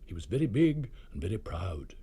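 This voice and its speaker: A man narrating a children's storybook with a husky, mellow voice. His pitch rises and falls freely as he reads. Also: big pitch swings, brisk. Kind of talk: storybook reading.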